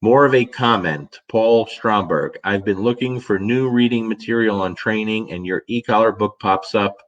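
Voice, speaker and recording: A middle-aged man, a dog trainer, casually telling a story and answering viewer questions, animated and swearing now and then. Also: on the low side, normal speed, dull audio. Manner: animated storyteller, swears casually, acts out his own reactions.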